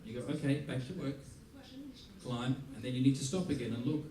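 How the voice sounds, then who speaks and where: Animated storytelling man in an echoey hall. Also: mid-range voice, a little fast, far from the mic. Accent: Australian. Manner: animated storyteller, acts out quotes, laughs often. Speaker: musician teaching a masterclass. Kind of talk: anecdote-driven talk to an audience. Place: large theater hall.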